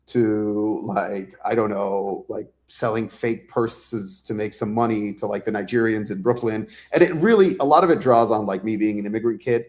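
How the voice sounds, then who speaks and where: A low-voiced man chats as an author guest in a relaxed interview. He rambles with plenty of fillers and acts out the lines people said, swearing without a second thought. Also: normal speed, hardly any pauses. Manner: animated storyteller, acts out quotes, swears freely; loose and rambling with many fillers. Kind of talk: casual interview chat.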